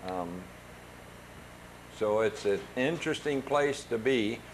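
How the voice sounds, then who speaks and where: An older man from the United States narrating his travel photos casually, with many pauses, fillers and restarts. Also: medium pitch, animated, slight background noise.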